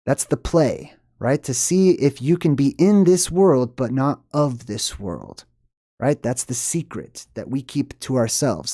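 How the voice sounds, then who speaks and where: A man's voice: fairly high pitch, mellow, dry recording, clean studio sound. A man talking through a film scene by scene in a loose, rambling monologue, often repeating himself and acting out lines of dialogue. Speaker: movie commentator. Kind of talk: casual film analysis monologue.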